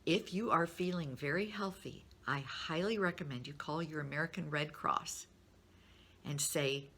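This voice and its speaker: A woman's voice: low voice, moderate pace, a bit bright, husky. A middle-aged woman speaking to her business network in a candid, encouraging way, openly sharing her feelings. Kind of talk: personal talk to a business network.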